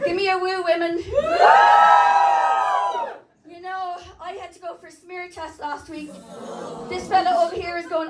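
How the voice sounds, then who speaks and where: A woman's voice: extremely high pitch, steady tone, normal speed, heavy background noise. An Irish woman performing a crude, self-mocking stand-up comedy set in a live comedy club, chatting with the crowd. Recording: roomy, distant live club sound. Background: loud crowd laughter.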